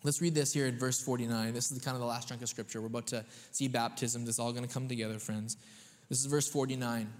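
Emphatic male pastor in a reverberant church. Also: medium pitch. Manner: conversational and emphatic, often checking in with the audience. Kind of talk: sermon. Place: church sanctuary. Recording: long reverb of a church hall.

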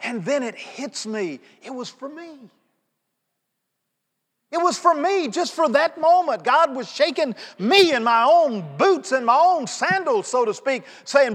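Man, pastor, sermon, conversational storytelling, soft asides and loud pleas, long church reverb. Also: very high voice, expressive, measured pace. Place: church sanctuary.

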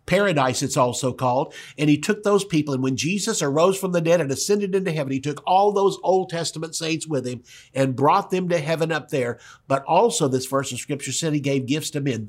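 A male pastor teaching verse by verse on a broadcast, stressing and repeating key words. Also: on the high side.

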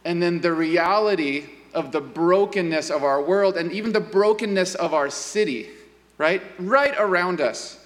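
A man's voice: high voice, moderate pace, a bit bright, in a large hall. A man preaching a sermon as pastor, earnest and casual, with fillers and restarts, in a church sanctuary.

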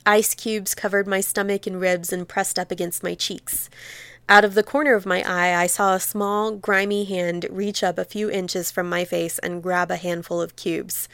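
A woman teacher reading aloud from a memoir excerpt in a measured, expressive storytelling manner. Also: fairly low pitch, clean tone, no echo.

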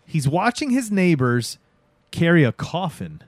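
Male podcast co-host, lively swooping delivery, dry close recording, casual storyteller. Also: a little high, measured pace, no echo. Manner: animated storytelling, swearing, acts out characters' lines. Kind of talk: casual movie recap chat.

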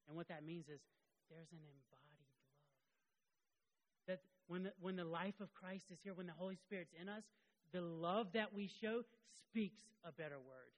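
A middle-aged man giving a sermon as a pastor, earnest, moving between loud emphasis and quiet confession. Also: high voice, normal speed, rough recording.

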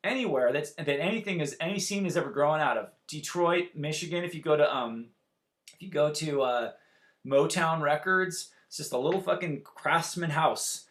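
A man in his forties tells a long story in a relaxed chat. His voice sits a little high, and he talks in an animated, profane way, slipping into the voices of people he quotes. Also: normal speed. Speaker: musician guest telling a story.

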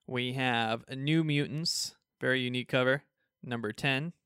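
A man's voice: medium pitch, moderate pace, fairly bright tone, smooth, no echo, clean studio sound. A man co-hosting a casual podcast, reading through a list of new comic releases with jokes along the way. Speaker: podcast co-host.

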